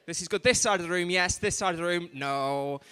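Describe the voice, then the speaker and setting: A man's voice: sits high, fairly quick, bright, forceful tone, smooth. A man compering a live award ceremony on a stage microphone, doing crowd work with sweary, self-deprecating banter. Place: large hall at a live event. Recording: live stream from a reverberant hall.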